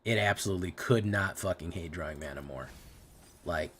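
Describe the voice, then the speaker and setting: Low-voiced man cursing through his game. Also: brisk, fairly bright tone, slight background noise. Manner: profane, exasperated running commentary on his own plays. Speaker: streamer. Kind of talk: casual live gameplay commentary.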